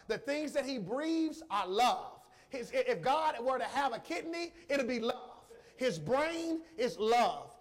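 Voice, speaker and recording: A man's voice: very high voice, a bit bright. A man preaching a sermon, emotional and emphatic, repeating phrases and calling out to the congregation. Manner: emphatic, repetitive, slow emphasis; emotional, addresses congregation directly.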